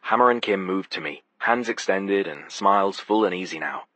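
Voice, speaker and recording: A man's voice: sits low, normal speed, a bit bright, no echo. A man narrating a first-person audiobook in a wry, sardonic manner.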